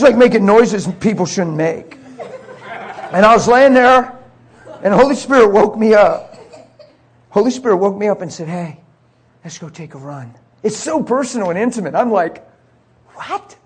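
A male preacher telling an animated story in a sermon, laughing often and acting out other people's voices. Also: high-pitched, husky.

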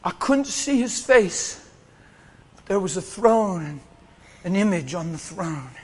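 A man preaching in a high, bright voice. He tells his story with animated energy and breaks into shouts and laughter. His tone is sharp and forceful. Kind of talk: sermon.

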